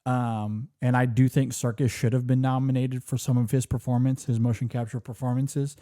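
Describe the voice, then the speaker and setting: A man chatting casually as a film podcast co-host, his voice mellow and warm at a middle pitch. He rambles enthusiastically and restarts his sentences often. The sound is close and dry. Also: flat delivery, normal speed, no room sound. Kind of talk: casual chat.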